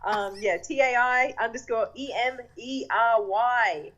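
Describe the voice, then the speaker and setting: A woman's voice: on the high side, a little slow, fairly bright tone, highs cut off. A woman in her thirties with an Australian accent, chatting casually as a podcast guest and laughing at herself. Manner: chatty, laughs easily, self-mocking.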